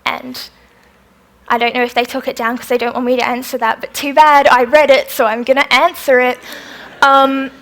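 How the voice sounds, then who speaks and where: A woman's voice: high voice, level tone, normal speed, fairly bright tone. Bubbly young woman with a mixed Aussie-British accent. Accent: Australian with some British influence. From Australia. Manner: bubbly, chatty, candid. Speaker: festival speaker. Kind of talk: live talk answering audience questions.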